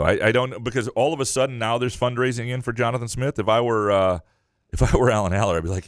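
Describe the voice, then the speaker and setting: A man's voice: mid-range voice, lively intonation, fast talker, dry recording, clean studio sound. A man co-hosting a sports podcast, talking casually and rambling with many restarts. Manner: rambling, lots of restarts and fillers. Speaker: podcast co-host.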